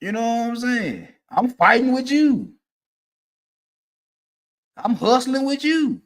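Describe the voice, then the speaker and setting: A man, ranting casually and profanely, swinging from low mutters to loud, emphatic bursts. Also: expressive, takes it slowly. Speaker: streamer giving opinions.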